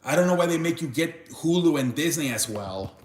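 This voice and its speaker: In an echoey room, a young live-stream host with a slightly high male voice chats casually, rambling and restarting as he responds to viewers. He speaks fairly quickly with lively intonation.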